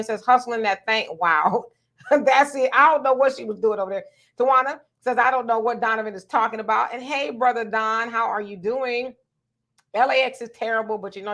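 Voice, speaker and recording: A woman's voice: on the high side, fairly bright tone. A woman hosting a live talk stream, telling stories with a lot of energy, laughing often and reading viewer comments aloud.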